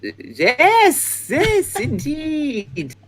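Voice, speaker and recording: A man voicing a prim, fussy tea-loving gentleman with an odd accent who is scandalised by naughty talk. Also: a little high, very animated, normal speed.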